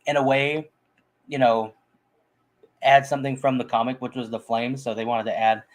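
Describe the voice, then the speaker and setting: A man's voice: mid-range voice, level tone, normal speed. A man in casual conversation about a film, talking in a rambling way with frequent restarts and fillers. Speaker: movie podcast co-host.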